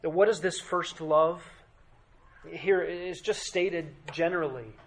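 A pastor with a fairly high voice preaches a sermon slowly and emphatically. He drops dramatically to a quiet voice at times and puts rhetorical questions to the congregation.

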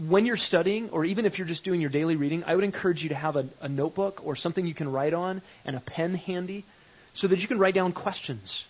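Husky man teaching a Bible study. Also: high-pitched. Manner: conversational, repeats phrases with shifting emphasis. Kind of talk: live teaching session. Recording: dull lo-fi recording.

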